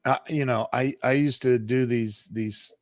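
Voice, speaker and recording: A man in his fifties, an entrepreneur and podcast guest, recounts his life in an animated, conversational way. He often restarts sentences and uses fillers. His mid-pitched voice sounds close and dry, with no room echo. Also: measured pace. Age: 50s.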